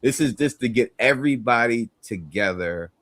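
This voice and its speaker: A man's voice: mid-range voice, expressive, normal speed, a bit bright, dry recording. A man on a podcast, chatting casually and acting out phone calls as he tells a story. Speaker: podcast host. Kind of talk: casual chat.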